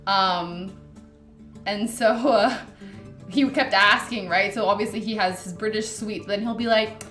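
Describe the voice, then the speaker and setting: A woman's voice: medium pitch, unhurried, fairly bright tone. A giggly young woman chats away while she bakes at home. She rambles through asides in a casual vlog voice. Her voice echoes around the kitchen, and background music runs under it. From Canada. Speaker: baking vlogger. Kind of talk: casual chat while baking.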